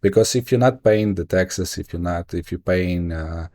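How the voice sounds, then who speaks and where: A Ukrainian-accented man speaks as a guest in a relaxed interview. His voice sits low and warm, and he tells stories in an animated, halting way, full of restarts. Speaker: guest, investor and entrepreneur. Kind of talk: casual interview storytelling.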